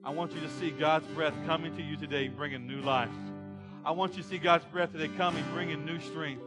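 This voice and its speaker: A man's voice: fairly high pitch, steady tone, a little fast, over music. A man preaching a sermon to a congregation, building energy with rhetorical questions. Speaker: pastor. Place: church sanctuary.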